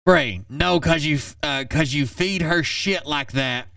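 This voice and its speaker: Dude reading texts out loud real slow, super gravelly voice, deadpan, sounds a bit far from the mic. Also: male voice, fairly high pitch, no room sound, studio quality. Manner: flat deadpan read with blunt asides. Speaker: channel host reading text messages. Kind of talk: reading messages aloud with commentary.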